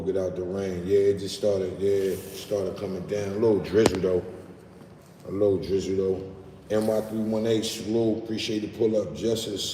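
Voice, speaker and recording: A man's voice: low voice, dark tone. A man from New York with a New York accent, casually chatting on a livestream in loose street slang and reading out viewer comments. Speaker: livestream host. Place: outdoors in the city, rain starting. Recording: roomy echo with long reverb, faint background noise.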